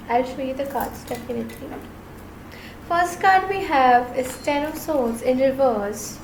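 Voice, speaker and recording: A woman's voice: high voice, roomy sound, slight background noise, low-quality recording. A woman giving an earnest, reassuring tarot reading to her viewers, often repeating phrases. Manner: earnest, reassuring, repeats herself, gets emotional. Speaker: tarot reader.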